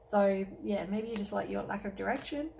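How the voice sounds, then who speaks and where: A woman's voice: mid-range voice, fairly quick, gravelly, mellow, slight background noise, poor audio. Tired woman giving a chatty tarot reading. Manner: chatty, rambling, many "um"s and self-corrections. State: tired, keeps yawning. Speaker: tarot reader. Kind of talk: casual tarot reading to camera.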